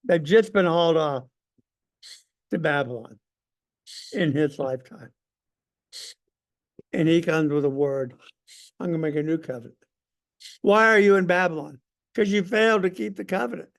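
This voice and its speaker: A man's voice: fairly high pitch, normal speed, vocal fry, pauses often. A man leading a Sunday school class, talking in an emphatic, conversational way and putting questions to the group. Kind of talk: church class lesson.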